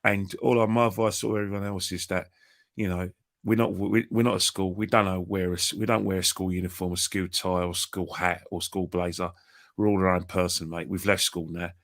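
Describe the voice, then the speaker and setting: A man's voice: deep voice, level tone, a little fast, a bit bright. A man chatting as a guest, rambling and repeating himself, cheeky in tone. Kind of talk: casual chat.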